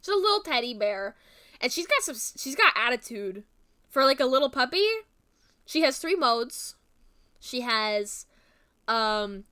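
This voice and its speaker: A woman's voice: on the high side, animated, unhurried, long pauses, pushed and bright, smooth. A young woman streamer gushing and rambling with fillers in casual stream chat.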